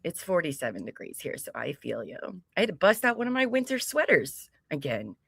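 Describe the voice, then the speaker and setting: A woman's voice: sits low, sing-song, brisk, gravelly, fairly bright tone, slightly rough, no room sound, clean studio sound. A woman co-hosting a casual livestream, greeting viewers by name with frequent giggles. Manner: bubbly, giggly, reads chat names aloud. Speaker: livestream co-host.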